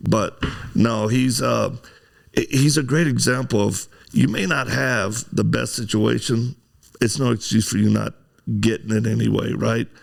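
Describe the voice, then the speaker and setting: A man's voice: mid-range voice, fairly even intonation, a little slow, vocal fry. A man hosting a casual conversation who rambles and gives encouraging advice, with a lot of fillers. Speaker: host. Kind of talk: casual chat.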